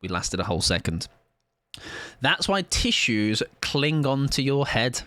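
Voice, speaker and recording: A man's voice: mid-range voice, very animated, unhurried, pushed and bright, dry recording. A man chatting casually on a live game stream, joking and rambling with plenty of self-mockery. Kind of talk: live gaming stream chat.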